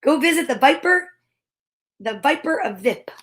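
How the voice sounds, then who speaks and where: High-voiced woman doing a comic read-aloud. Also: lively intonation, moderate pace, fairly bright tone. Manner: sing-song rhyming reading broken by nervous, whispered comic asides. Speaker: comedian reading a children's book aloud.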